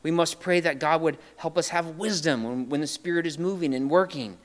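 A man preaching a sermon in a conversational way, often checking in with "right?" and paraphrasing scripture in lively everyday terms. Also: fairly high pitch, brisk. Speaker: pastor.

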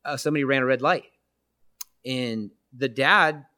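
A man's voice: medium pitch, normal speed, bright, forceful tone. A church minister preaching an earnest, reflective testimony, often checking in with his listeners with "right?". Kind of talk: sermon-style testimony.

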